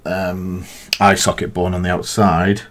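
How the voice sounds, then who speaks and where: A man's voice: sits low, little pitch movement, unhurried, a bit bright. A man chatting casually on a live stream while painting miniatures, thinking aloud in a rambling, half-mumbled way.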